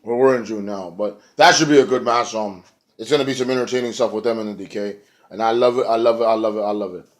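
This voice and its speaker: Brief: a man recapping wrestling, loose and rambling, swears a lot, jumps into quick impressions. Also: fairly low pitch, fairly even intonation. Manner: rambling and profane, acts out quotes. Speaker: wrestling show reviewer. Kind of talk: casual recap rant.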